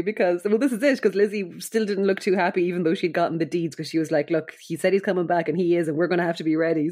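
A woman's voice: on the low side, a little mellow. A woman co-hosting a podcast, chatting casually and giggling as she retells scenes. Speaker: podcast co-host. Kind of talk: casual chat recapping an episode.

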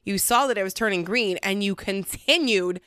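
A woman co-hosting a casual podcast, sarcastic and quick to laugh, swearing casually as she banters at a friend's house. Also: mid-range voice, a bit bright, clean tone, no room sound, studio quality. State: sensitive stomach. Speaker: podcast co-host. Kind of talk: casual chat.

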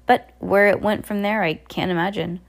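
A woman's voice: mid-range voice, fairly even intonation, normal speed, creaky, close to an everyday voice. A woman reading aloud, voicing an earnest, studious teenage boy who carefully explains his findings. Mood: puzzled.

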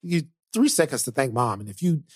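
A man co-hosting a podcast in a casual comedic chat, telling lively stories and acting out voices. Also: mid-range voice, a little fast, slightly rough, no room sound, clean studio sound. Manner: animated storyteller, acts out voices. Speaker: podcast co-host.

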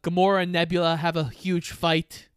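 High, smooth-voiced man recapping a plot. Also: flat delivery, moderate pace, dry recording. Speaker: podcast co-host. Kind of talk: casual movie discussion, plot recap.

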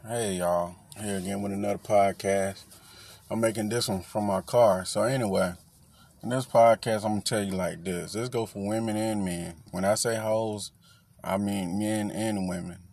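A man's voice: lowish voice, creaky. A man hosting his own podcast, giving a blunt, profane, lecturing solo rant. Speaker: podcast host.

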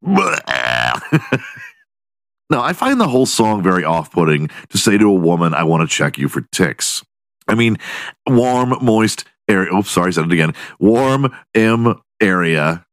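A low-voiced man hosts his podcast in a loose, foul-mouthed monologue, his pitch swinging widely as he riffs and laughs at his own jokes. The sound is dry and close, with no room around it. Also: big pitch swings, normal speed, no room sound. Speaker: podcast host. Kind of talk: casual comedic monologue.

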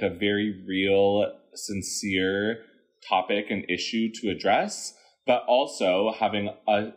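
A man co-hosting a podcast, chatting enthusiastically and laughing easily, with frequent restarts. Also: on the low side. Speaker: podcast co-host. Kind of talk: casual chat about musicals.

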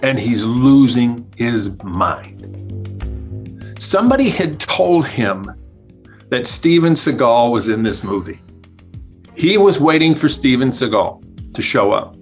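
Animated man telling a funny story. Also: mid-range voice, slow pace, long pauses, faint music behind. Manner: animated, acts out quoted voices, laughs while telling. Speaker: guest storyteller, comedy writer. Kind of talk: casual anecdote.

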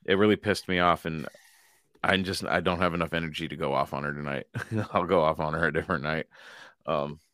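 A man's voice: very deep voice, steady tone, fairly quick, fairly bright tone, no room sound. A man co-hosting a paranormal podcast, talking in a loose, profane way and laughing often. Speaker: podcast co-host. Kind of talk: casual chat.

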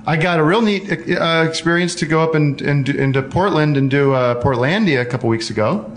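A man's voice: fairly high pitch, fairly quick. A man hosting a casual call-in show, rambling and joking with many fillers and restarts. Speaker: host taking listener calls.

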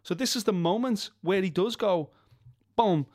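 Emphatic podcast co-host. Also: male voice, high-pitched, moderate pace, a little mellow, no echo, studio quality. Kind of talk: casual sports chat.

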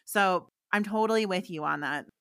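Bright-voiced woman recounting a story. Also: medium pitch, normal speed, no room sound, studio quality. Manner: animated, fillers, quotes voices in her stories. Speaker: guest psychic medium. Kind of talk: conversational storytelling.

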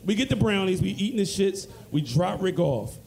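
Teasing man with a high voice. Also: sing-song, moderate pace, gravelly, noisy background. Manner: teasing, profane. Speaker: podcast guest. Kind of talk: live podcast banter. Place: live comedy club show.

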